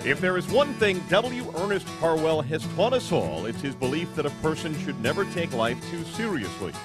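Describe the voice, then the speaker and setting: A man narrating a documentary tribute in a measured, scripted delivery. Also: on the high side, very animated, loud music behind the voice.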